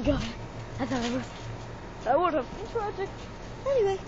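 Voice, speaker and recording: Hyper, giggly high-voiced girl vlogging. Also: sing-song, moderate pace, dull audio, crowd noise. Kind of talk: rambling casual vlog. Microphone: handheld phone.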